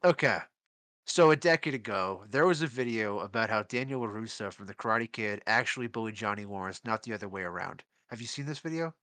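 A man's voice: on the low side, a little fast, pushed and bright, no echo. A man co-hosting a film podcast in casual chat, with a sardonic, exasperated way of talking. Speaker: podcast co-host.

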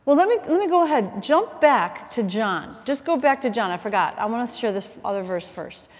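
A middle-aged woman preaching a sermon, chatty and animated, telling stories with asides and quick self-corrections. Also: fairly high pitch, big-room sound. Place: church auditorium.

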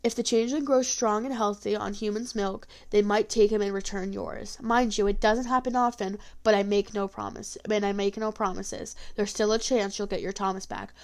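A woman's voice: medium pitch, fairly even intonation, normal speed, hardly any pauses, darkish tone, natural voice. A woman reading aloud, voicing a stern, harsh-voiced old woman healer who scolds curtly. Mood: grave. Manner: scolding, curt.

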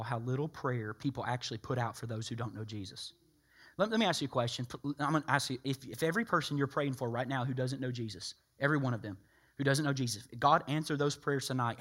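A man preaching a sermon, emphatic and animated, acting out people's voices. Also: medium pitch, fast.

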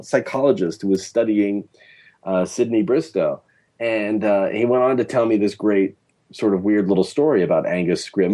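A man as guest journalist on a podcast, telling stories in a lively, rambling way with many fillers. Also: on the low side. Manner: animated storytelling, lots of fillers. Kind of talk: casual podcast interview.

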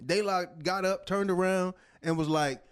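A man in his forties from New Jersey, hosting a casual chat and telling stories in an animated, slangy way with laughs. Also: high voice, normal speed, smooth.

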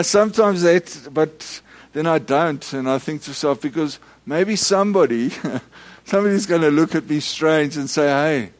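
A middle-aged Methodist minister, giving a storytelling sermon full of restarts and acted-out shouts. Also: male voice, a little high, normal speed. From South Africa.

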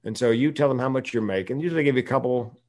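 A man's voice: mid-range voice, rapid-fire, a little mellow. A man from the United States, a podcast guest, talking candidly in casual conversation and laughing often while telling stories.

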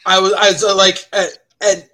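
A man telling a story on a casual podcast, animated and swearing freely. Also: sits high, a little fast, a little hiss or hum, poor audio. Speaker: podcast co-host.

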